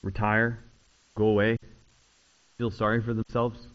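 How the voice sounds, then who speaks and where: A man preaching a sermon, swinging between loud, rising retellings and quiet, low asides. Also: level tone, unhurried, muffled recording. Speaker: pastor.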